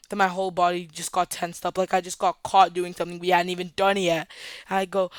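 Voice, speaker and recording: Animated young storyteller, dry close sound. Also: medium pitch, a little fast, clean tone, dry recording. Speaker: storytime vlogger. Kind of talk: casual storytime narration.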